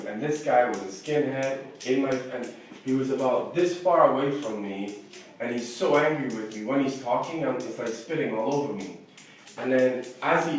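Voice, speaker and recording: A man's voice: medium pitch, a little hiss or hum. A man telling of his mistreatment in an upset personal account, agitated and repeating himself. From not American. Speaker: interviewee. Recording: very echoey room from far off.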